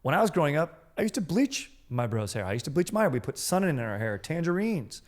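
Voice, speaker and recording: A man's voice: a little high, very animated, a little fast. A man in his thirties co-hosting a comedy podcast, chatting casually with a playful, mock-solemn delivery. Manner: playful, mock-solemn, drifts into quoted bits. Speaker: podcast co-host.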